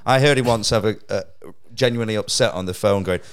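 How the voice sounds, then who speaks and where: A man's voice: on the low side, fast talker, clean tone. A man, a stand-up comedian telling a sweary anecdote in casual chat and laughing through the punchlines. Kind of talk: casual podcast chat, storytelling.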